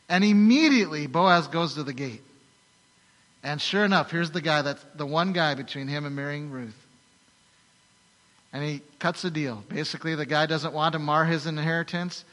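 Bright-voiced preacher telling a story. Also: male voice, a little high, moderate pace. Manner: animated storytelling with rhetorical questions. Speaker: pastor. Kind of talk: sermon. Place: large church hall. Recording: long hall reverb.

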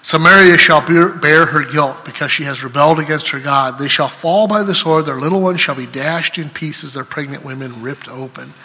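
Male preacher, somewhat high and bright, reads scripture then expounds, big swells and hushed tails, long hall reverb. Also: moderate pace, few pauses. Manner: swings between loud declarations and soft trailing endings. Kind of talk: sermon with scripture reading.

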